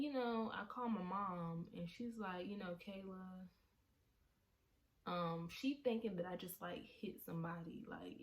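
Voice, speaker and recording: A woman vlogger with a lowish voice tells an emotional story. She sounds shaken as she relives a frightening event, speaking haltingly with many fillers and restarts.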